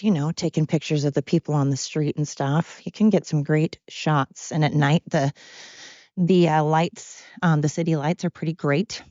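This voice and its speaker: A woman's voice: deep voice, darkish tone, dry recording, highs cut off. A woman hosting her own podcast, chatting casually and self-deprecatingly, drifting from one thought to the next. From Oregon, USA. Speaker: podcast host. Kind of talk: casual rambling monologue. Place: home with dogs.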